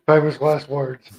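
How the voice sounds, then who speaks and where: A man's voice: fairly high pitch, poor audio. A man hosting a stream, mostly giving short laughing responses and comments. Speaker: streamer host. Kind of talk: casual chat.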